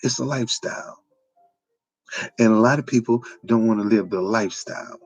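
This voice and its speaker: A man's voice: lowish voice, normal speed, darkish tone, no room sound, dull audio, faint music behind. A man, delivering an informal preaching monologue with repetitive, emphatic phrasing. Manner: repetitive, emphatic, folksy street-preacher cadence. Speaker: online preacher.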